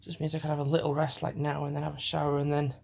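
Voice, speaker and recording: A man's voice: on the high side, completely flat delivery, rapid-fire, creaky, a little mellow, no room sound. A man vlogging casually while out on a walk, out of breath and sighing often as he rambles. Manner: rambling, chatty, sighs often. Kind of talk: casual vlog chat while walking. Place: outdoors on a walk. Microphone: phone held while walking.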